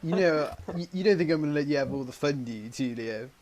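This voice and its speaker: A man's voice: on the high side, fast, a crowd in the background, lightly acted. A man voicing an eager, bold young adventurer. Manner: eager, lively shouting. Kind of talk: amateur script reading.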